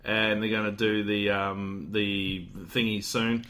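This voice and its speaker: A man hosting a casual podcast, excited and rambling, swearing freely, tired from staying up late. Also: on the low side, slow. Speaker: podcast host.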